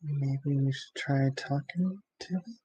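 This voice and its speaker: Male tabletop player, husky voice, dry close sound, curious and casual. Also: mid-range voice, slow pace, dark tone, no echo. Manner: curious, asks questions. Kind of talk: casual tabletop game chat.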